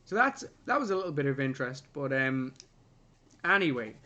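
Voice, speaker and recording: A young adult man co-hosting a movie review podcast, casually and animatedly retelling scenes and jumping into loud voices for the characters. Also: medium pitch, big pitch swings, brisk, dull audio, a little hiss or hum. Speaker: podcast co-host.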